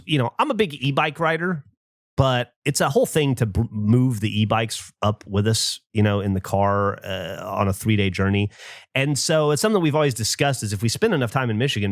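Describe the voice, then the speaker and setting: A man in his thirties hosts a podcast, his lowish voice recorded studio-clean with no room sound. In casual chat he tells a story and acts out the voices of its characters.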